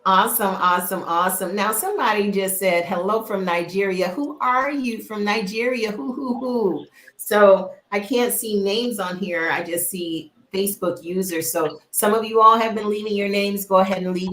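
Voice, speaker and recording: A woman's voice: mid-range voice, a bit bright. A woman hosting a live online show on a video call, upbeat and chatty, often repeating her words. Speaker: host. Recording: echoey room.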